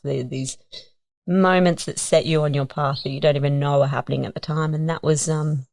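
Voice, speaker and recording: An Australian woman in her thirties, a podcast guest, telling a story in a lively, casual way and acting out other people's voices. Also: deep voice, no room sound. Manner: animated storyteller, acts out voices.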